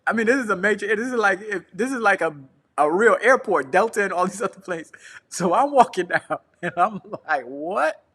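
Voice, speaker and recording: His voice sits high and sounds animated, fairly quick, and a bit bright. The man, a traveling preacher who co-hosts a casual show from his couch at home, tells a slang-filled travel story while playing the people in it.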